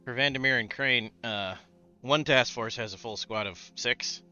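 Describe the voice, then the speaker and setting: A man's voice: medium pitch, moderate pace, sharp tone, smooth, highs cut off, soft background music. A man narrating a tabletop game as game master, describing scenes in an easygoing way with fillers.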